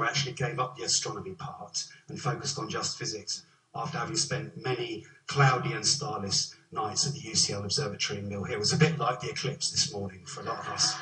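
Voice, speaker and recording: A man's voice: on the low side, far from the mic. Man lecturing in a roomy hall. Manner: self-deprecating anecdotes with gentle humour. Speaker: professor giving a lecture. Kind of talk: formal lecture to an audience. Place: lecture theatre.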